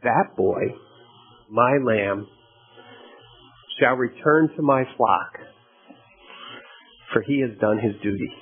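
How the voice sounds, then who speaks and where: A preacher voicing God, solemn and measured. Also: male voice, medium pitch, lightly acted. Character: God, calm and tender divine speaker. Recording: tinny phone-like radio broadcast.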